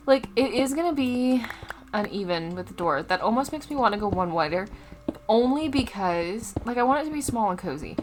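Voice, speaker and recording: A woman's voice: a little high, big pitch swings, fairly quick, background noise. A young woman casually commenting on her gameplay as a Let's Play host, chatty and easily distracted. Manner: chatty, easily distracted, loud startled outbursts.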